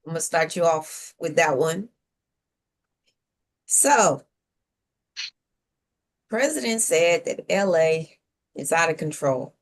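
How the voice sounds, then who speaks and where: A woman's voice: low-pitched, animated, slow, long pauses. A woman co-hosting a civic talk show, delivering opinionated commentary with sarcastic rhetorical questions and playful whoops.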